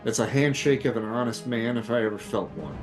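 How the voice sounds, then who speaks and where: A man playing a brisk, commanding patriotic soldier hero, with music behind. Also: medium pitch, natural voice. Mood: approving. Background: background music.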